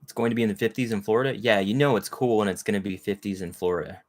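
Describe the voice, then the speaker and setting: Man with a fairly low voice, hosting a casual, rambling live chat. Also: steady tone, racing. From Texas. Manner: rambling, chatty, greets viewers by name. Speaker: livestream host.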